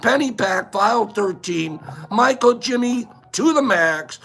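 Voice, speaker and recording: A man hosting a casual livestream, playfully rambling through shout-outs to viewers by name. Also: very high-pitched, big pitch swings, moderate pace, vocal fry, hardly any pauses. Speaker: livestream host. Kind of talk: casual livestream chat, reading out viewer names.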